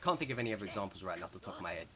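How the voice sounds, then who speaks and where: A young man with an English accent giving chatty, excitable gameplay commentary, rambling and correcting himself as he plays. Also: low-pitched, rapid-fire. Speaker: gaming streamer.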